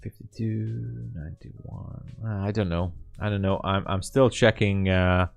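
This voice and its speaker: A man's voice: fairly low pitch, measured pace, vocal fry, smooth, faint music behind. A man giving live trading commentary, thinking aloud in a muttering, joking way full of fillers. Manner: muttering, joking, self-talk with sighs and fillers. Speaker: day trader streaming live trades.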